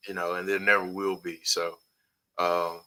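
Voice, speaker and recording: Forceful-voiced man hosting a live chat. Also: deep voice, level tone, unhurried, smooth, low-quality recording. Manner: reads viewer comments aloud, easygoing, chuckles often. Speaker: host. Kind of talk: casual live-stream chat.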